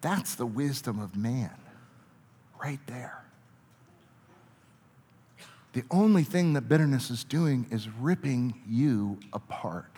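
Earnest pastor in a big echoing hall. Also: male voice, medium pitch, lively intonation, unhurried, slightly rough. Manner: earnest, swings from soft reflection to forceful emphasis. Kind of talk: sermon. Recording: long reverb of a large hall.

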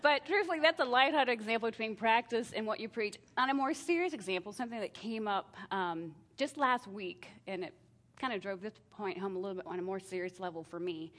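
A middle-aged woman talks through parenting advice in a relaxed, chatty way. She slips into lively put-on voices for her kids and herself and laughs at her own slip-ups. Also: mid-range voice, a little fast. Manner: animated, acts out family exchanges with self-deprecating laughs. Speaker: parenting speaker. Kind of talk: casual talk on parenting.

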